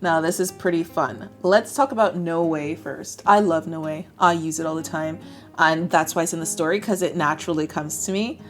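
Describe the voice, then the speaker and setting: A woman's voice: low voice, moderate pace, faint music behind. Upbeat American woman teaching English. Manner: chatty, upbeat, acts out example phrases. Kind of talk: explaining lesson to camera.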